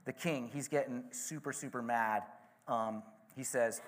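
A pastor giving a sermon, retelling a story casually with frequent asides. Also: male voice, mid-range voice, fairly even intonation, a little slow.

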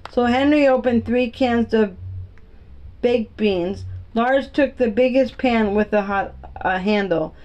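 A woman's voice: on the high side, slow, darkish tone, lo-fi sound. A woman reading a children's book aloud, steadily, with small slips and restarts. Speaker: reader.

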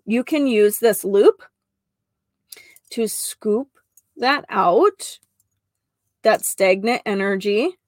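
A woman hosts a spiritual healing podcast in a gentle, chatty manner, with fillers and little laughs along the way. Her voice has a gravelly fry at a middle pitch. The sound is close and dry, with no room echo. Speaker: podcast host and Reiki practitioner. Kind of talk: casual spiritual podcast talk.

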